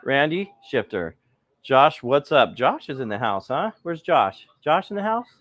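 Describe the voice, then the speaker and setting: A man's voice: medium pitch, sing-song, measured pace, a bit bright. A middle-aged man hosting a live cooking stream, rambling casually and greeting viewers by name, a little cold.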